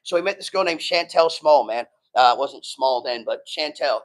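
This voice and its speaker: A man's voice: mid-range voice, lively intonation, moderate pace, rough recording. A middle-aged man giving a sermon to a live audience in a casual, street-talking way, often saying "man". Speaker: preacher.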